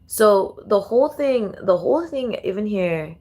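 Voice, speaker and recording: A woman's voice: medium pitch, expressive, a little slow, mellow. A woman vlogger talking casually and profanely as she reacts to songs, thinking aloud with many restarts. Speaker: tarot and astrology vlogger. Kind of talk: casual commentary while playing songs.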